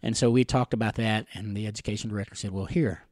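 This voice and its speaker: A middle-aged man from the Catawba Nation telling personal stories in an interview, rambling gently with chuckles and fillers. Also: on the low side, little pitch movement, rapid-fire. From Catawba Nation, Carolinas, USA.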